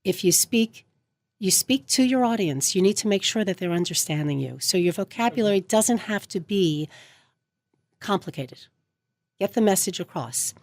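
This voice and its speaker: A woman's voice: medium pitch, animated, normal speed, a little mellow, dry recording. A woman speech coach giving a radio interview from a studio, talking emphatically and stressing key words as she explains. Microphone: studio microphone.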